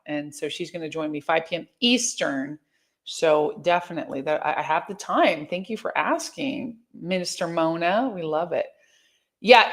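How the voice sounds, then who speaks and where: A woman hosting a livestream, chatting casually and reading viewer comments aloud, chatty and animated with frequent restarts. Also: on the low side, gravelly. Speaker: livestream host.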